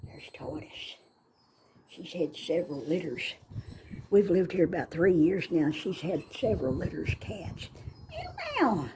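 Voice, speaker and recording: An older woman chatting casually into her phone, rambling and calling to cats in a high sing-song. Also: unhurried, background noise. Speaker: vlogger. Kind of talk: casual chat. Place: outdoors by a front door, then back indoors. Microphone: phone held in hand.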